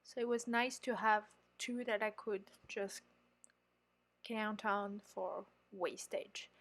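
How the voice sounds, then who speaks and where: A home baker from France who hosts her own channel narrates a voice-over of her baking in a French accent, chatting, explaining, and being self-critical about her mistakes as she goes. Her medium-pitched voice is steady and fairly bright, and she takes it slowly.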